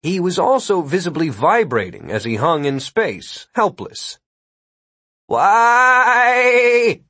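Male storyteller reading comic fantasy; husky, dry, steady and wry. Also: fairly high pitch, normal speed, no room sound. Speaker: narrator. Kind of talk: audiobook narration.

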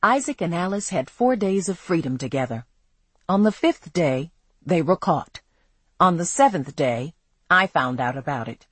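A woman reading a novel aloud in the first person, in a measured, expressive storytelling manner. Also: lowish voice, husky, no echo. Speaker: audiobook narrator.

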